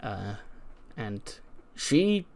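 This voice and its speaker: A man voicing a doubtful female wrestler who speaks in a halting, uncertain way. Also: on the low side, big pitch swings, vocal fry, darkish tone, full character voice.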